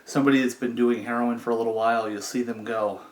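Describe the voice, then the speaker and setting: A middle-aged man telling a story in a relaxed, wry, conversational way. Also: mid-range voice, fast. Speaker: storyteller, former prisoner. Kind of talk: casual spoken storytelling. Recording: echoey room.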